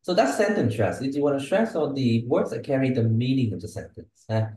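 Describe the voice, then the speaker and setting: A man giving one-on-one pronunciation feedback as an English speaking tutor. His voice is mellow and dark, and he checks in constantly with short questions while he models words for the student. The recording has a roomy echo. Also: medium pitch, big pitch swings, brisk, slight background noise. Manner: coaching, models pronunciation, checks in with "yeah?" and "okay?". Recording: echoey room.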